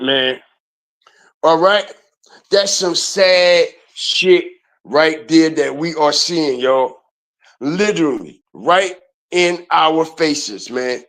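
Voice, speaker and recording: A man hosting a commentary channel, ranting in a loud, profane and mocking way and talking straight to his viewers. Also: on the high side, extremely slow, pauses often. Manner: loud, profane, mocking, repeats "all right" and "y'all".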